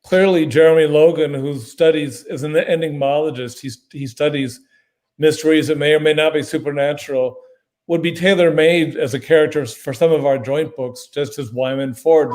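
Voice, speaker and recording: Brief: male author guest, slightly higher pitch, measured and precise, chatting on a video call. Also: steady tone, a little mellow. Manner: articulate, measured, precise word choice. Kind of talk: casual conversational answers.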